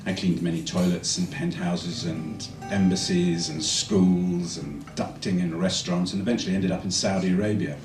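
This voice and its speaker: A musician recalling a quiet moment in a soft, reflective way before introducing a song. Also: male voice, low-pitched, steady tone, moderate pace, hardly any pauses. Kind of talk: reflective stage storytelling. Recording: roomy, distant stage mic with music.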